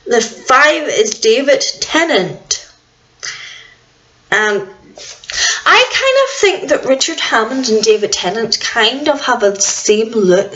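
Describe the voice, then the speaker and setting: Chatty young woman, lo-fi home video. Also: high-pitched. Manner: rambling, chatty, self-deprecating. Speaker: vlogger. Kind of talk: casual chat. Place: at home indoors.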